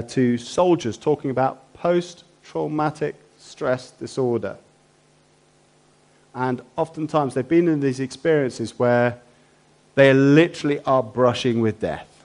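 A man's voice: fairly high pitch, darkish tone. Man preaching, full of rhetorical questions. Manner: asks the listeners many rhetorical questions. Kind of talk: sermon.

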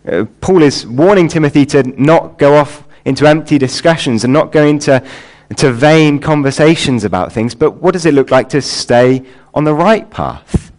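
A man's voice: a little high, normal speed, a little mellow. A man preaching in a church, praying and then explaining a passage, building to earnest emphasis on key lines. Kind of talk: sermon with prayer.

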